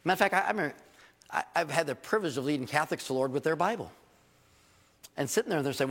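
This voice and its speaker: A man's voice: on the high side, very fast, a bit bright, big-room sound. A man preaching a sermon as a pastor, telling stories to his congregation and building to emphatic points.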